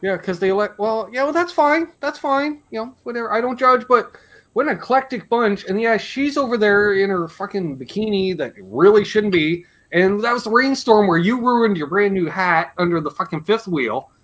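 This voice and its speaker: Canadian guy hosting a live stream, high voice, swings all over, swears a lot. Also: moderate pace. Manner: animated storyteller, swears freely. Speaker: host. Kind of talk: casual chat on a live stream.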